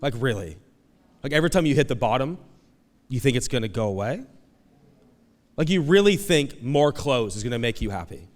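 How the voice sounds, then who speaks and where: Man, pastor, sermon, conversational, animated, acted-out voices, mid-range voice, long hall reverb. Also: medium pitch, normal speed, long pauses.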